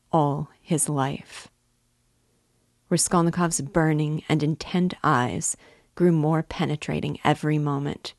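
A woman narrating a classic novel in a measured, even reading voice. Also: deep voice, dry recording, studio quality.

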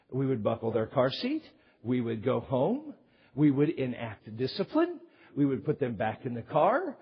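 Male pastor, sermon, husky and animated storyteller who acts out quoted voices; dull recording with long hall reverb. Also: on the high side. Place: church sanctuary.

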